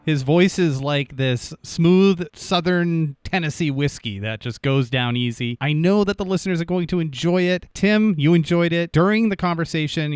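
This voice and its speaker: A man's voice: a little high, smooth, dry recording, studio quality. A man co-hosting a podcast, bantering in a playful, upbeat and jokey way. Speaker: podcast co-host.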